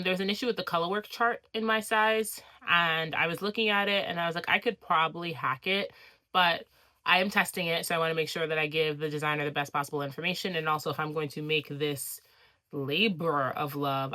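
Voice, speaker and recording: Woman, crafting vlogger, casual chat, bright forward tone, rambling with fillers. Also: sits low, no room sound. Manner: chatty, rambling, frequent "um" fillers.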